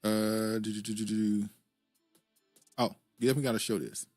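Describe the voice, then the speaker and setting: Laid-back chuckling podcast host. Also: male voice, fairly low pitch, level tone, a little slow, darkish tone, dry recording, faint music behind. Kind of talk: casual reaction chat.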